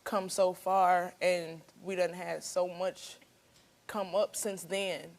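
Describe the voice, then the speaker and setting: A woman's voice: fairly low pitch, little pitch movement, slow. Chatty woman in her thirties, talk show guest. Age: 30s. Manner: chatty, laughs easily, trails into restarts. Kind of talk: casual conversational storytelling.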